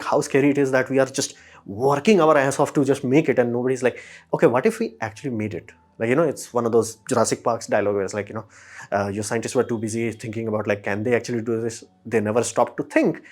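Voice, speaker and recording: Host, male, mid pitch; informal, emphatic opinion talk, swears lightly. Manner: emphatic, fires rhetorical questions. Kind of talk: casual opinion monologue.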